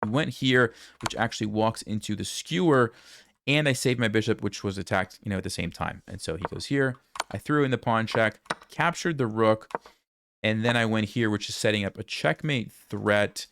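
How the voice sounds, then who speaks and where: A man reviewing one of his own chess games for viewers, thinking aloud in a relaxed, conversational way and speaking to the audience directly. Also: fairly low pitch, normal speed, gravelly. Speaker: chess content creator reviewing his game. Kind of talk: casual game analysis commentary.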